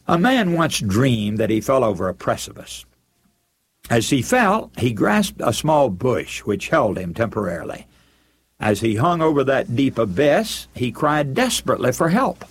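A man's voice: mid-range voice, very animated, unhurried, husky. A man preaching a sermon in an earnest manner, addressing his listeners as friends.

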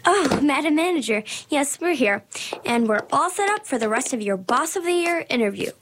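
A woman's voice: high voice, lively intonation, moderate pace, noisy background. A woman playing an earnest, polite young woman who runs interviews in an audio drama. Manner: polite and earnest, giggly when nervous.

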